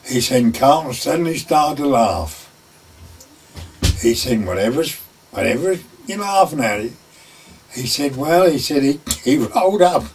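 A man's voice: medium pitch, animated, unhurried, long pauses, a little hiss or hum. An older man, a former gamekeeper, telling a folksy anecdote and acting out the voices of the people in it. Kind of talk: oral history storytelling. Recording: voice picked up from a distance.

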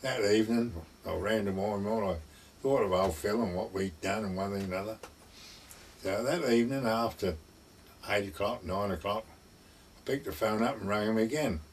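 A man's voice: on the low side, moderate pace, slight background noise. An older man, telling an anecdote in a rambling way, full of "I said, he said". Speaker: interviewee. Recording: distant mic, husky.

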